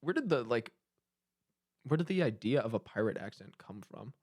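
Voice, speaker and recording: A young man co-hosting a comedy podcast, bantering in an animated, stammering, playful way. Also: mid-range voice, moderate pace, slightly rough.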